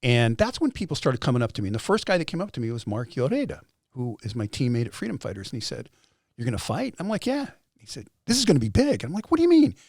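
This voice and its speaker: A man's voice: mid-range voice, sing-song, quick pace, darkish tone, no echo, studio quality. A man in his fifties telling his story as a podcast guest, acting out quoted voices and swearing freely. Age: 50s. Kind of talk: animated storytelling.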